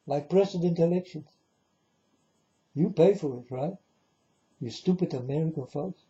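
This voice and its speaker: A man's voice: on the high side, normal speed, warm tone. A man preaching to the camera in a monologue, firing off repeated rhetorical questions at the viewer. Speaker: religious video preacher. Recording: dull lo-fi recording.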